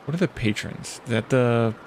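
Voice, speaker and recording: There's a man with a mid-range voice and a little background noise, casually commenting on a strategy game he's streaming. He thinks aloud in a hesitant way with pauses and restarts, sometimes reading the event text shown on screen.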